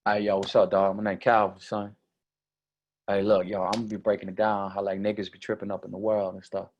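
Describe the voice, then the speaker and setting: A man voicing a laid-back young street man who drawls in slang with a low, mumbly voice. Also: level tone, a little fast, a little mellow, muffled recording, a little hiss or hum, lightly acted. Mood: swaggering.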